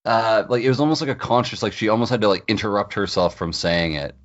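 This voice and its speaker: A man's voice: lowish voice, quick pace, highs cut off. A man co-hosting a podcast, chatting casually and enthusiastically, retelling scenes with lots of fillers. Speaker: podcast co-host. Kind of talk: casual chat.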